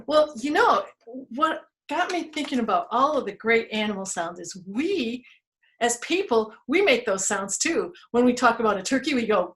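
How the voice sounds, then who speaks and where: Hosting storytime for small kids at a children's museum, this woman is bubbly and expressive, making animal noises and sound words. Her voice is slightly high and her pace is normal.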